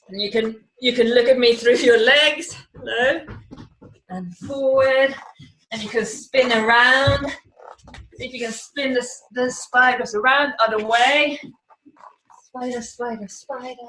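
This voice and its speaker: A woman's voice: sits high, bright, forceful tone. A woman teaching an online acrobatics class to children, calling out moves, counting and making animal sounds. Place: room at home, video class. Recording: echoey room, distant from the mic.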